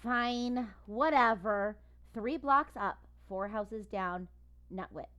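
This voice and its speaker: A woman voicing a feisty young female dog who bosses her brother around, with sharp, teasing retorts. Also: fairly high pitch, takes it slowly, clean tone, lo-fi sound. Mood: sassy.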